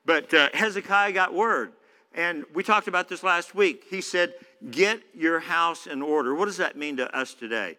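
A man's voice: fairly high pitch, moderate pace, bright, forceful tone. A man preaching a sermon in a church, conversational, with many fillers. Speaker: pastor. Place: church hall. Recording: echoey church hall.

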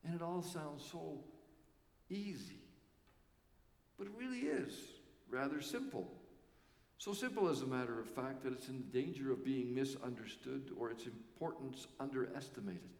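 A man's voice: mid-range voice, a little mellow. Man, pastor, sermon, earnest and emphatic, reverberant church sanctuary. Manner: earnest preaching with pauses for emphasis. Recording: echoey church hall.

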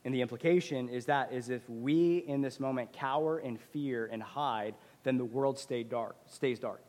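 A man's voice: mid-range voice, normal speed. Man preaching in a reverberant hall. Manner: conversational, animated when retelling a story. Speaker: pastor. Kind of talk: sermon with personal storytelling.

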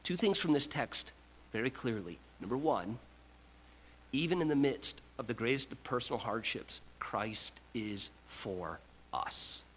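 A man preaching a sermon, emphatic, with repeated restarts, swinging from loud to quiet. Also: mid-range voice, animated, moderate pace, husky, poor audio. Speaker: pastor.

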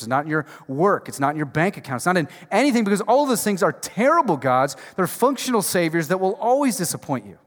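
A man preaching a sermon as pastor, conversational and emphatic, dropping from loud bursts to hushed lines. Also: fairly high pitch. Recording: long reverb of a large hall.

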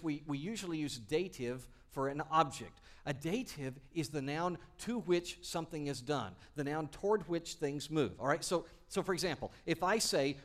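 Pastor, male, higher-pitched, energetic sermon delivery with big dynamic swings. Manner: enthusiastic, swings from quiet to loud emphatic peaks.

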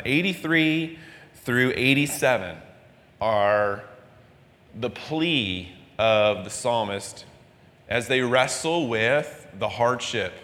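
A man preaching a midweek sermon, earnest and conversational, acting out quoted voices with a rising pitch. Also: a bit bright, big-room sound. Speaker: pastor.

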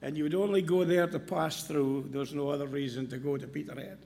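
Brief: male preacher, a bit higher-pitched, storytelling sermon in a church hall with long reverb. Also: fairly even intonation, brisk, vocal fry, warm tone. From Scotland. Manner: storytelling, homely asides.

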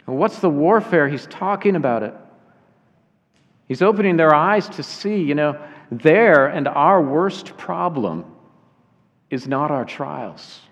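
A man preaching a sermon earnestly, slowing down to weigh key phrases. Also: a little high, expressive. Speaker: pastor. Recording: dull sound with long hall reverb.

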